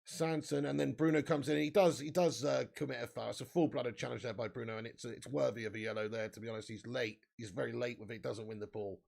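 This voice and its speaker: A young man hosting a live football watch-along, bantering with the chat, swearing freely and shouting out on big chances. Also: mid-range voice, fairly even intonation, quick pace, gravelly, few pauses.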